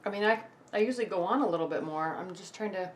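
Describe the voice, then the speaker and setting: A tarot reader gives a casual forecast to camera in a medium-pitched voice at a quick pace, with a little hiss or hum in the recording. She's loose, chatty and reassuring, restarting often and checking in with "okay?" and "right?".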